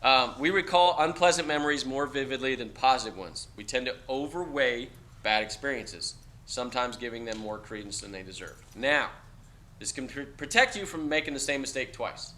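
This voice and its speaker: A man's voice: medium pitch, animated, normal speed, sharp tone, a little hiss or hum. A middle-aged man giving a casual classroom lecture, talking to students in a blunt, conversational way and tagging lines with "okay?". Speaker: university lecturer.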